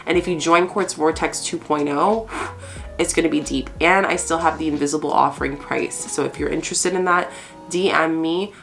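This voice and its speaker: A woman's voice: sits low, fairly even intonation, vocal fry, soft background music. A woman giving a chatty spiritual card reading, in her morning voice just after waking, laughing often. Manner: warm, laughing, chatty, mixes fast and slow stretches. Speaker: spiritual channel host, tarot reader.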